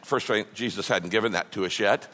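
A man preaching a sermon as a pastor, with impassioned delivery that swings from loud cries to mocking mumbles. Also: on the low side, fast. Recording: long hall reverb.

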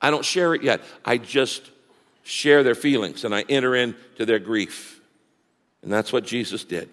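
A male pastor preaching a sermon, swinging from loud, fast bursts to hushed, slow lines. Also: medium pitch. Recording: long hall reverb.

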